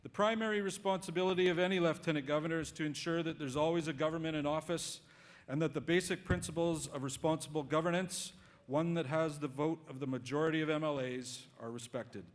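A man's voice: a little high, fast talker. Genial male ceremony host in reverberant hall. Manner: polished, genial. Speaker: master of ceremonies. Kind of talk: formal ceremonial address. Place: hall at official residence.

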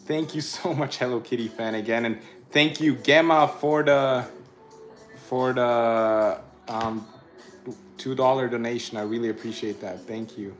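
A man's voice: medium pitch, unhurried, soft background music. A young man hosting a casual livestream, chatting and laughing as he reads out viewer comments and thanks them. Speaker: livestream host reading chat.

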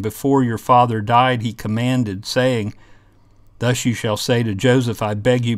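A man's voice: on the low side, no room sound. A man teaching a Bible lesson, reading scripture passages aloud and explaining them in an earnest way.

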